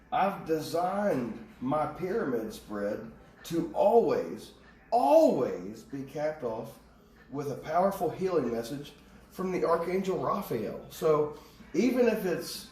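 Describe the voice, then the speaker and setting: A man's voice: a little high, darkish tone. A man giving a casual tarot reading, rambling off on tangents and swearing casually. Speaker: tarot reader. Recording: echoey room, distant mic, faint ambience.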